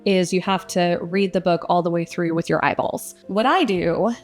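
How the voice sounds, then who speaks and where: Low-voiced woman voice actor talking shop. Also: moderate pace, soft background music. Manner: casual, reflective, many fillers. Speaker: audiobook narrator and voice actor. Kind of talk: interview answers.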